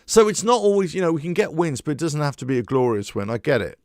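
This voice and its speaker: Male fan-channel host, gravelly fry, dry close sound, fairly high voice, animated rambling monologue. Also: fast, dry recording. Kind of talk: casual monologue.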